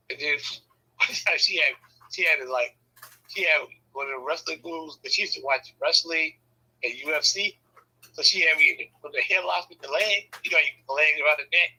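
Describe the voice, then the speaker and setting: Husky, bright-voiced man telling stories. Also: moderate pace, low-quality recording. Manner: animated, laughs often, acts out quoted lines with sudden high shouts; profane, loose everyday speech. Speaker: storyteller in a casual conversation. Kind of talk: casual chat.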